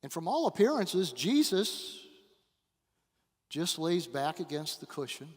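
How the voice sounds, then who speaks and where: A man preaching a sermon as a guest pastor, telling a story dramatically with long pauses and big swings between quiet and loud. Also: on the high side, very animated, breathy edge. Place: church sanctuary. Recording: church hall with long reverb.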